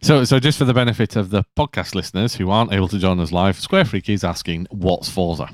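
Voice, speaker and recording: Male podcast co-host, low voice, dry sound, chatty. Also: fast, no echo. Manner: chatty, explains things. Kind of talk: casual podcast chat.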